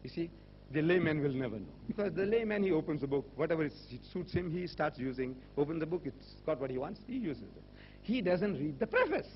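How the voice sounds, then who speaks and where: A man giving a public religious lecture as a Muslim speaker, rhetorical and animated, firing questions at his audience. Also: on the high side, fairly quick. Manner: rhetorical, animated, with repeated questions and mocking quoted voices. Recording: dull lo-fi recording with faint hum.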